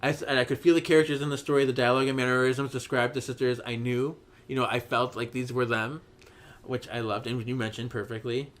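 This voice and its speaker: A man at an ordinary pitch chats through a story's plot for his co-host. He gets animated, pushing his voice up high and loud whenever he quotes a character. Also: fast talker. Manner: animated, acts out characters' lines in raised voices. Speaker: podcast host. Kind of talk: casual chat, recapping a story.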